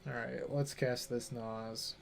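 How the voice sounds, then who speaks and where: A man's voice: medium pitch, flat delivery, takes it slowly, creaky, a little hiss or hum. Man thinking aloud while streaming. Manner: thinking aloud, chatting with viewers between plays. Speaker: streamer playing a card game. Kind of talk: casual gameplay commentary.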